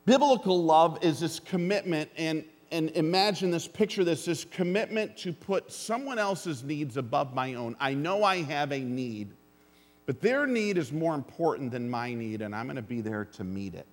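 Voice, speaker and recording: A man with a somewhat high voice delivers a sermon in a church sanctuary. He talks earnestly and plainly, slips in dry jokes and calls out to the congregation, and his voice rings out with a long hall reverb. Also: expressive, moderate pace. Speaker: pastor.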